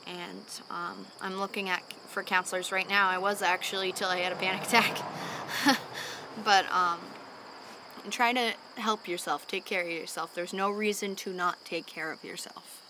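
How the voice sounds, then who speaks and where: A young woman in a candid home vlog, talking earnestly and openly, sighing often as she calms down after a panic attack. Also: medium pitch, normal speed, background noise. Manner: earnest and open, with frequent sighs and fillers. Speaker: vlogger. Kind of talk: candid personal talk to camera. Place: at home in the evening.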